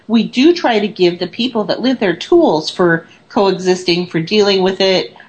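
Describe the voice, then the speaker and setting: A woman talks in a relaxed, chatty way, like a paranormal investigator trading stories on a show. Her voice sits at a middle pitch. She slips into quick voices for the people in her anecdotes. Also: low-quality recording. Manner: chatty storyteller, acts out quoted voices. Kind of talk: casual conversation.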